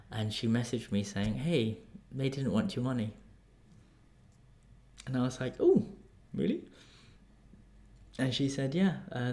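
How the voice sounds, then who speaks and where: Calm, animated English man telling a story. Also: medium pitch. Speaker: life coach. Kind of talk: storytelling vlog.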